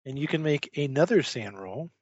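A man narrating a tabletop horror game as game master, halting with many fillers. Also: fairly high pitch, lively intonation, slightly rough, dry recording, muffled recording.

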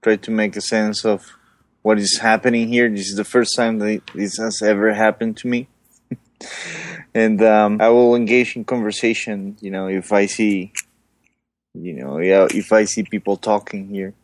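A man's voice: on the low side, little pitch movement, normal speed, dry recording. A man playing a tabletop game, talking hesitantly with many "um"s and "uh"s. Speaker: player. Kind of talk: casual tabletop game play.

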